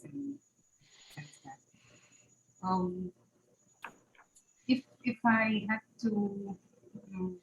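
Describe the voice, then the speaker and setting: Give me a hesitant, grateful woman asking a question, slightly low voice. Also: darkish tone, slight background noise, rough recording. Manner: hesitant, grateful, many fillers. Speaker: audience member asking a question. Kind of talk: online Q&A.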